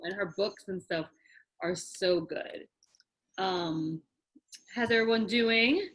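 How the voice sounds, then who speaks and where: A woman's voice: mid-range voice, slow, a bit bright. Woman from New York, online class instructor, chatty and direct, frequent laughs. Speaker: wedding planning instructor. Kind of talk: online class, casual teaching.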